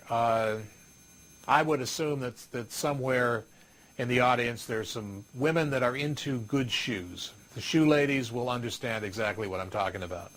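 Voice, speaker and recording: A man giving a conversational talk to an audience, acting out guests and managers in quick quoted lines, with dry asides. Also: medium pitch. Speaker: speaker on restaurant service.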